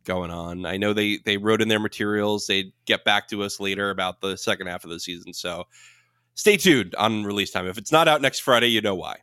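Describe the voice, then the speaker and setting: A man co-hosting a casual podcast chat, knowledgeable and quick to explain and correct details. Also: lowish voice, sharp tone, clear, resonant tone, no echo, clean studio sound. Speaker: podcast co-host.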